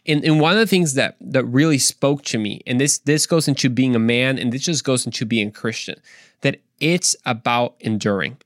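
A man hosting a faith podcast, earnest and animated, repeating points for emphasis and joking in between. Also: mid-range voice, normal speed, no echo, studio quality. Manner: playful, tries silly accents, earnest preaching. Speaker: podcast host. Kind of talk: casual faith podcast monologue.

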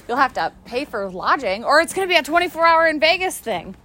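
Young woman, high voice, very lively pitch, giggly, casual night walk vlog, phone mic, faint outdoor noise. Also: a little fast. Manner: giggly, animated storytelling. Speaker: vlogger.

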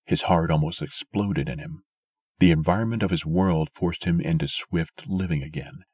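A man narrating a story aloud in a steady, measured way. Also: sits low, breathy edge, no echo. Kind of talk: scripted audiobook narration.

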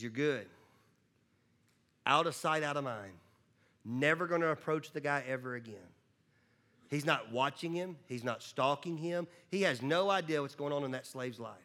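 A male pastor preaching a sermon in a conversational way, often repeating words as he starts a sentence and swinging from loud emphasis to low, hushed asides.

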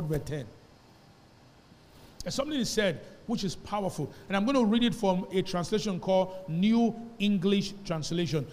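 Male pastor, high and ringing, preaches with call-and-response in a reverberant church hall. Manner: preaching with call-and-response questions, rising to shouts. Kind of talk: sermon. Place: church sanctuary.

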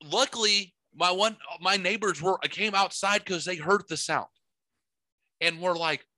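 A man spins a rambling, profane story in a bright, forceful voice. He acts out his own outbursts with theatrical flair. The sound is dry and close. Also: high-pitched, measured pace, dry recording. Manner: animated, profane, theatrical retelling. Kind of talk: casual storytelling.

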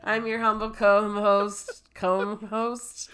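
A woman's voice: medium pitch, little pitch movement, fairly bright tone. A woman co-hosting a podcast in casual chat, nasal and stuffed up from a head cold, rambling and stumbling over her words over a remote call. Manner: unhurried, rambling, self-interrupting. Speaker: podcast co-host.

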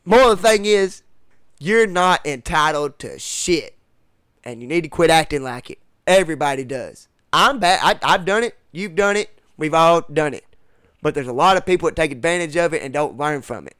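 A man's voice: a little high, expressive, moderate pace, a bit bright, clean tone, no echo, clean studio sound. A man in a casual podcast chat, ranting bluntly and emphatically with plenty of profanity and rural slang. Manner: uses rural slang like ain't and y'all. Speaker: podcast guest.

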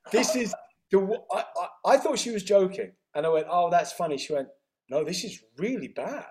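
A middle-aged man tells his life story in an interview, acting out the dialogue with quick reported speech. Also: high-pitched, expressive. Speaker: interview guest. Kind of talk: storytelling in conversation.

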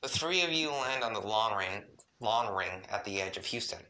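A man's voice: lowish voice, animated, moderate pace, sharp tone. A man reading a second-person fan story at home, his voice shaky from the cold, with stumbles and chatty asides. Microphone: home mic, cold room.

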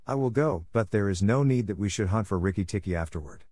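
A man reading a storybook aloud, voicing a big, menacing male cobra who talks in a cold, deliberate way. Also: fairly low pitch, expressive, darkish tone, dry recording, studio quality. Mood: plotting.

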